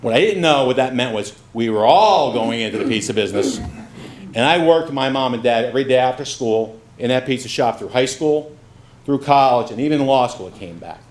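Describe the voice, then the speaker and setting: A man's voice: mid-range voice, lively intonation, brisk, slight background noise. Folksy middle-aged man giving a campaign speech. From Brooklyn, New York. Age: 50s. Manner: folksy storyteller, self-deprecating humor. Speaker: judicial candidate.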